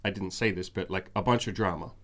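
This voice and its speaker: A man with a lowish voice tells a personal story in a casual podcast chat. He talks frankly and emphatically. He circles back on phrases to drive a point home. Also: quick pace, fairly bright tone. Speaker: podcast host.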